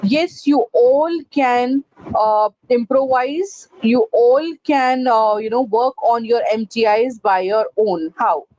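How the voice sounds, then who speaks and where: Woman trainer with a high voice teaching pronunciation, stopping often to ask "right?", dull lo-fi sound. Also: slow, darkish tone, no room sound. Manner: instructive, with frequent "uh, you know" and "right?". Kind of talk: online training session. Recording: dull lo-fi recording.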